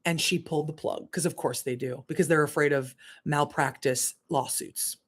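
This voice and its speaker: Lively swearing woman telling a story. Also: deep voice, moderate pace, husky. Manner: animated, swearing, laughing through the story. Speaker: spiritual coach. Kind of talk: casual livestream storytelling.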